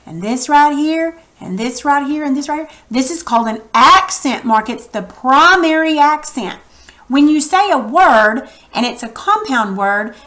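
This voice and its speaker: A woman's voice: a little high, fairly bright tone, rough recording. A woman teacher giving a recorded reading lesson, patiently asking questions and sounding out words for the class.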